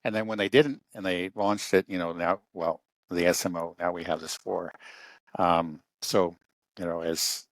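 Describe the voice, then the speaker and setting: A man talking through a casual political discussion, halting often with fillers and restarts. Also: deep voice, steady tone, dry recording.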